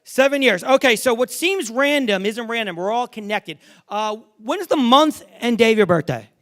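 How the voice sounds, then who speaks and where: Brief: brash middle-aged male stage magician, high bright voice, joking crowd work in a big theater. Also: animated. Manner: brash, joking, swearing, rapid crowd banter. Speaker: magician performer. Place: large theater stage before a live audience.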